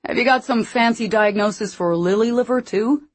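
A woman reading a big, mocking lumberjack in an audiobook, speaking slowly and slyly. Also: a little high, voice pushed up, natural voice.

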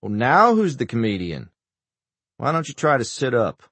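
A man's voice: medium pitch, huge pitch swings, normal speed, a bit bright, breathy edge, no room sound, heavily acted. A man voicing a wisecracking male doctor who puts on a bad Scottish accent, in an audiobook. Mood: teasing. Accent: fake Scottish. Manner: teasing, wisecracking. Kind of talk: audiobook character voice.

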